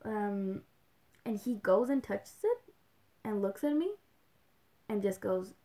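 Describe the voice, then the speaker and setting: A young woman takes her time on a livestream, her warm, mid-range voice expressive as she chats casually. She rambles, leans on "like" a lot, laughs a little, and sometimes drops in Spanish.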